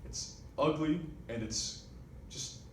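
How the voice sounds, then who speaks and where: A man's voice: on the high side, takes it slowly, a little hiss or hum. A young man, a cabaret singer, telling a wry comic story between songs at a live venue. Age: young adult. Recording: echoey live room, far mic, loud piano.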